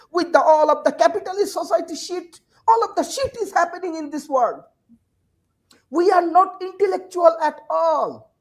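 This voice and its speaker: Impassioned high-voiced woman. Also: darkish tone, low-quality recording. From Bangladesh. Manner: emotional and urgent, repeats phrases in stacked rhetorical questions. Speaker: university teacher and forum panelist. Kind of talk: impassioned panel speech. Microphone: video call.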